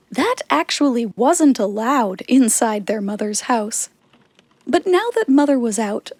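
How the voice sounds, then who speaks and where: A woman narrating a children's fairy tale in a slow, expressive reading. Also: fairly high pitch, breathy edge. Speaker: storyteller.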